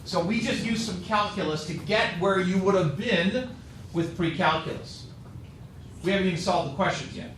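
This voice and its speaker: A man's voice: high voice, expressive, normal speed, fairly bright tone. A man teaching a calculus class, tired and joking with his students as he works through a problem. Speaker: math teacher. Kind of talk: classroom lecture. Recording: echoey classroom with faint noise.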